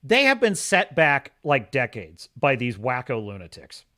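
Lively, bright-voiced male stream host. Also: medium pitch, unhurried. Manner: opinionated, emphatic, repeats himself. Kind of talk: casual livestream commentary.

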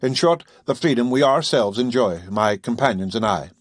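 A secretive submarine captain speaks with cold, measured authority, as a man reads him in an audiobook. The voice is slightly husky and sits at an ordinary male pitch. The sound is dry and close. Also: animated, dry recording, natural voice. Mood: stern. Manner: measured, commanding, coldly formal. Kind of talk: audiobook character reading.

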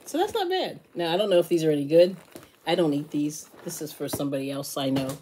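A woman's voice: low voice, fairly even intonation, fast, dark tone, a little hiss or hum. A woman hosting her own casual grocery haul vlog, chatty and giggly, often apologizing for laughing. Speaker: channel host.

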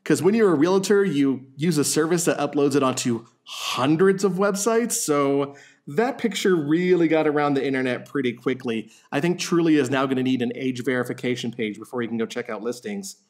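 A man's voice: medium pitch, a little fast, a little mellow. A man hosting a podcast, telling a story in casual comedic chat with a wry, joking manner. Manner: wry storyteller, laughs often. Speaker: podcast host.

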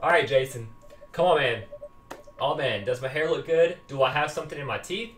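A man's voice: mid-range voice, fairly quick, fairly bright tone, far from the mic, slight background noise. A man giving joking, rambling let's play commentary, reading the game's lines aloud. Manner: rambling, joking, reads game text aloud. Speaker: gaming YouTuber. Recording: roomy echo, voice off-mic.

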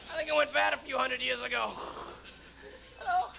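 A man's voice: very high voice, moderate pace, creaky. A man doing a live stand-up set on stage, veering from strained yelps to mumbled asides. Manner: yelping, strained outbursts between mumbled asides. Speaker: stand-up comedian. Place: stage in front of a live audience. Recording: noisy VHS concert recording with crowd. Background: audience laughter and crowd noise.

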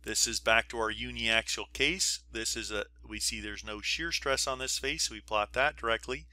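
Bright-voiced man explaining diagrams. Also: fairly low pitch, normal speed, dry recording. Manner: explanatory, walks through diagrams step by step; informal asides and checks with listeners. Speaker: engineering professor. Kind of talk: recorded lecture.

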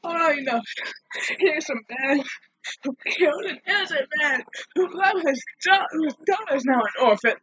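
A woman's voice: sits high, lively intonation, normal speed, a bit bright, dry recording, dull audio. A woman tearfully reacting to a video, talking back at the screen and swearing through her tears. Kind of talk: emotional reaction commentary.

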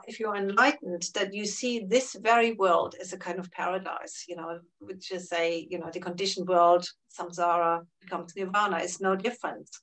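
Calm woman, a bit distant from mic. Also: medium pitch. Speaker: Buddhist therapist and teacher. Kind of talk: interview answers.

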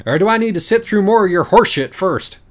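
Brief: a man playing a cartoonish girl pony, high-pitched, impatient and swearing. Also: animated, fast. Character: brash, foul-mouthed girl pony.

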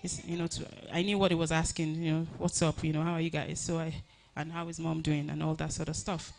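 A woman giving a personal tribute at a funeral service, telling her story earnestly with many halting restarts. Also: sits low, little pitch movement, vocal fry, darkish tone, faint music behind.

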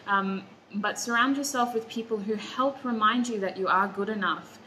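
Bright-voiced emotional woman tarot reader. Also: mid-range voice, moderate pace, slight background noise, poor audio. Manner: warm, emotional and reassuring, near tears. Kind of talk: pick-a-card tarot reading.

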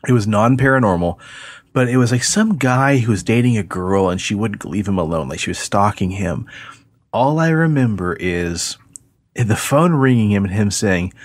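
A man co-hosting a paranormal podcast, telling stories in a profane, animated way. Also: fairly low pitch, moderate pace, no room sound, clean studio sound. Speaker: podcast co-host. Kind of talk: casual chat.

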